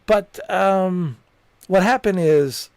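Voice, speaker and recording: A man who streams games tells a rambling story in an easy, chatty way, dropping "dude" and "you know" everywhere. His voice sits a little high for a man. The sound is dry and close, with no room around it. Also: slow, smooth, no room sound. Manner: amused, laughs at his own story. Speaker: gaming streamer.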